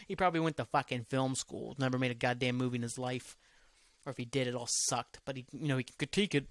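A man's voice: mid-range voice, a little fast, pauses often, fairly bright tone, no room sound. Man rambling profanely on a podcast. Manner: rambling, profane, easygoing, trails off often. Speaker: podcast host. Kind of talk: rambling solo podcast monologue.

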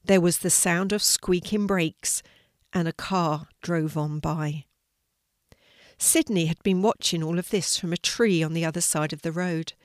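Gentle older woman reading a story. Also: lowish voice, a little slow, dry recording, studio quality.

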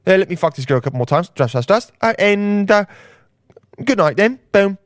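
A man's voice: high voice, expressive, a little fast, dry recording, clean studio sound. A man hosting a comedy podcast, rambling crudely and laughing at his own jokes. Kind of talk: casual comedy podcast monologue.

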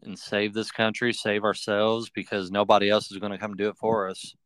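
A man's voice: fairly low pitch, little pitch movement, normal speed, fairly bright tone, clear, resonant tone, dry recording. A man hosting a political podcast, chatting bluntly and casually, often agreeing and swearing now and then. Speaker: podcast host.

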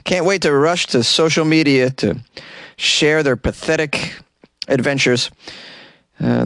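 A man with a Boston accent delivers comedy news in a sarcastic, mocking voice at a middle pitch. He now and then slips into silly put-on voices. The sound is dry, with no echo, recorded in a small closet. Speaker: comedian podcast host.

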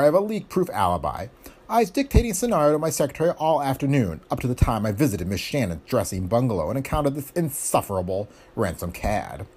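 A haughty, venomous villain from a pulp detective story, as a man narrating puts him on. He speaks in a pompous, sneering, prissy way, with a husky tone and a pitch that jumps around. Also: a little mellow.

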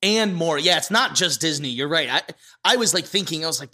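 A man co-hosting a podcast in casual chat, excitable and giggly, often acting out quotes. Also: on the high side, fairly quick. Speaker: podcast co-host.

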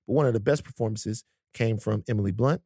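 Male podcast host, thirties, mid-pitch, joking and profane, dry close mic. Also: fast talker, dark tone, no echo. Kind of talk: casual chat.

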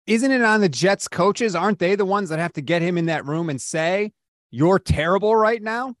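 Brief: man, high and animated voice, punchy sports talk host, dry close sound. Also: brisk, no room sound.

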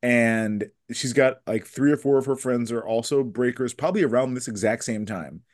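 A man's voice: mid-range voice, normal speed, darkish tone, dry recording, studio quality. A man co-hosting a podcast, mocking a film in sarcastic, profane casual chat. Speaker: podcast co-host.

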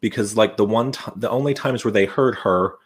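A woman co-hosting a casual movie podcast, enthusiastic and animated, acting out lines from the film. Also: rumbling low, a little fast, husky. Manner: animated, enthusiastic, acts out quotes. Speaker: podcast co-host.

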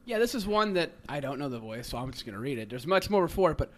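A man co-hosting a podcast in casual chat, relaxed and chatty as he reads quotes aloud. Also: a little high, fast. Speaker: podcast co-host.

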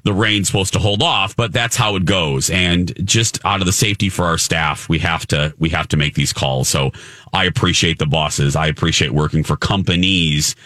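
A man's voice: deep voice, moderate pace, sharp tone, no echo, studio quality. A man hosting a morning radio show, chatting casually and playfully with his co-hosts.

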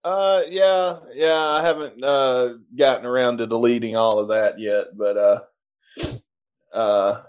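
A man co-hosting a podcast, chatting casually with a low-key, dry joking manner. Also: steady tone, a little slow, clean tone, lo-fi sound. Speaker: podcast co-host.

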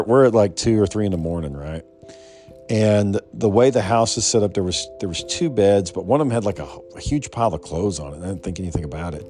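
A man with a low voice tells a personal story in loose, rambling fashion, swearing freely and restarting sentences as he goes. Faint music sits quietly behind him. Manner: profane, rambling, many restarts. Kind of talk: casual personal anecdote.

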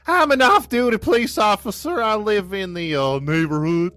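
A man doing a high, mumbling Southern lawman, slow-witted and cheerfully clueless. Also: sharp tone, no room sound, studio quality. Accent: American Southern. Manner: mumbling, drawling, slurred. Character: dim-witted off-duty male Southern cop.

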